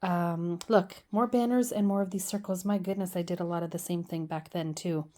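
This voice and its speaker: Chatty woman with a mellow voice. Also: fairly low pitch, fairly even intonation, normal speed. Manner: chatty, gushing, self-deprecating. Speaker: scrapbooking vlogger. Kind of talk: casual show-and-tell chat.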